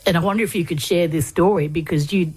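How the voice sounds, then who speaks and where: A woman interviewing a guest, asking questions in a halting way and sharing her own anecdotes. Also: lowish voice, a little mellow, breathy edge. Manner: hesitant, with many fillers and restarts. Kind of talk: conversational interview.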